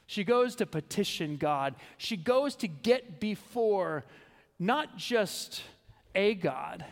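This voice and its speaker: A male pastor preaching an earnest sermon, stumbling into restarts and dropping to a hush on heavy words. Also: high-pitched, big-room sound.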